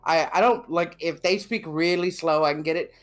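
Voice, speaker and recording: A man's voice: fairly high pitch, normal speed. A man co-hosting a podcast in casual chat, joking, swearing often and laughing through his lines. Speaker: podcast co-host.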